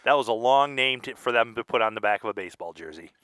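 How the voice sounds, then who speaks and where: Rambling, goofy podcast co-host, a man with a bright voice, recorded dry. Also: medium pitch, animated, fast talker, no room sound. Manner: rambling, plays dumb, goofy asides. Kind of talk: casual comedic chat.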